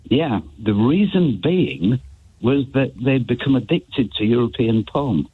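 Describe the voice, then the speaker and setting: A man's voice: medium pitch, lively intonation, a little slow, phone-quality sound, background noise. A man from East Yorkshire calling a radio phone-in, chatty and amused. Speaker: caller. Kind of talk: phone-in call.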